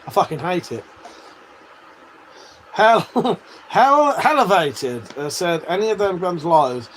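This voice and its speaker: An English man in his forties bantering with his chat, reading out comments, laughing and swearing freely. His voice sits a little high for a man. A faint background hiss runs under the talk. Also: very animated, slow, fairly bright tone. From England. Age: 40s. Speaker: live streamer. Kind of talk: casual live-stream chat reading viewer comments.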